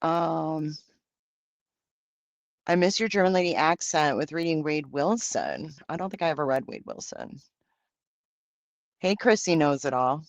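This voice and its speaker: A man's voice: fairly high pitch, very animated, a little slow, vocal fry, long pauses, no echo. A man hosting a livestream, reading out and answering viewer comments in brash, profane, campy banter. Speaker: livestream host.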